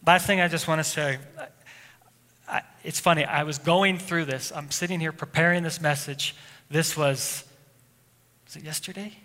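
A male pastor delivers a sermon in a high, bright voice, shifting into easy, rambling storytelling with frequent self-corrections. His words ring out in a reverberant sanctuary with faint music underneath. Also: steady tone, normal speed. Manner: conversational storytelling with restarts. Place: church sanctuary.

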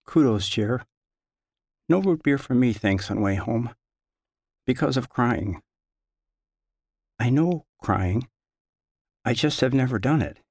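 A man reading his own literary story aloud in a measured, halting first-person delivery, recorded close in a studio. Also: medium pitch, lively intonation, a little mellow, no echo.

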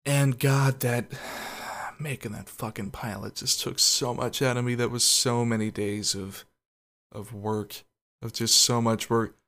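A man's voice: mid-range voice, fairly even intonation, unhurried, fairly bright tone. A man hosting a casual solo podcast, rambling and swearing, with frequent self-conscious laughs. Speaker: podcast host.

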